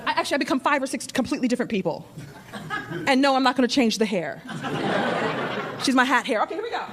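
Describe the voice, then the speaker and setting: Brassy high-voiced woman comic. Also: expressive, fast talker, pauses often, fairly bright tone, slight background noise. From New York. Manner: brassy, teasing the crowd. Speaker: stand-up comedian. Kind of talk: stand-up comedy. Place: comedy club stage. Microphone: handheld. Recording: comedy club with audience laughter.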